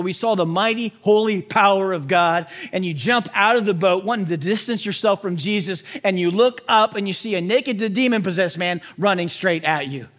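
A man preaching a sermon, animated, swinging between loud emphasis and hushed drops. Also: sits high. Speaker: pastor.

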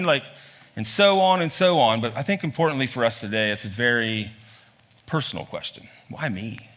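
Male pastor mid-sermon, bright, forceful tone, heavy on rhetorical questions. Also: normal speed. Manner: lively preaching, voice climbing high on emphatic lines; asks many rhetorical questions. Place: church hall.

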